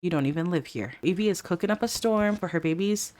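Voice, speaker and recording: A woman's voice: lowish voice, fast, a little mellow. Chatty woman narrating her life-sim game. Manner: chatty, giggly, voices the characters' lines. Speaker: let's play host. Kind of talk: casual gameplay commentary.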